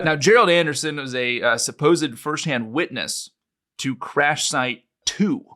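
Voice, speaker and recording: A male podcast co-host who chats in a loose, rambling, self-mocking way. His voice is bright and forceful at a middle pitch. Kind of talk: casual podcast chat.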